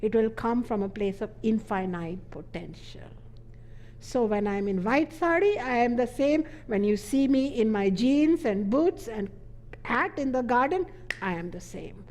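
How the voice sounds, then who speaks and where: A middle-aged woman from India giving a spiritual teaching talk, playful and animated, laughing often and jumping up in pitch to stress a point.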